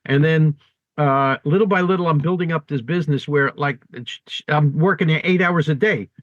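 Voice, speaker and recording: A man's voice: on the high side, normal speed, no echo. Man on a dull lo-fi podcast mic. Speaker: podcast co-host. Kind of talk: casual storytelling chat.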